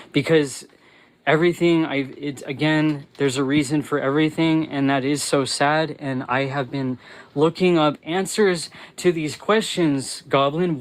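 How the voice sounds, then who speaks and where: A man on a live stream, angry and profane, who stumbles through his phrases and restarts them. His voice sits a touch high and climbs sharply when his rage boils over into shouting. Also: low-quality recording. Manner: angry, swearing, yelling in bursts; halting, restarts mid-phrase. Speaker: livestream host. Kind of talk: live-stream rant and chat reading.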